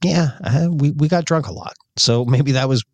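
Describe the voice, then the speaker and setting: A man co-hosting a podcast who talks in halting, casual chat, often repeating words and swearing. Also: mid-range voice, dry recording. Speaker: podcast co-host.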